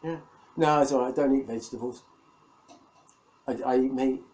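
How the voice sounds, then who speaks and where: A man's voice: mid-range voice, steady tone, normal speed, a little mellow, rough recording. A middle-aged man from England, rambling and self-mocking in a casual video diary, laughing often. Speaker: vlogger.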